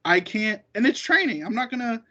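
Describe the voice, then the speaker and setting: A man's voice: extremely high pitch, sing-song, fairly quick, bright, forceful tone, dull audio. A man talking as a podcast guest in casual chat, rambling and profane, acting out what other people said. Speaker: guest, jiu-jitsu competitor.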